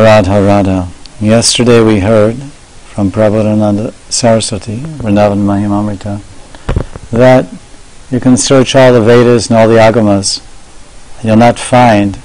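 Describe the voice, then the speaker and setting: A monk giving a devotional sermon, telling stories in a measured way and slowing down to stress key words. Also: male voice, fairly low pitch, a little mellow, low-quality recording. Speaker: monk lecturer.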